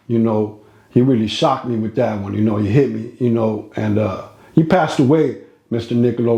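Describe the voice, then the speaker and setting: A man's voice: mid-range voice, mellow, muffled recording. A man telling a casual, slangy, rambling story from his own life, recorded with a roomy echo. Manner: slangy, rambling, street talk.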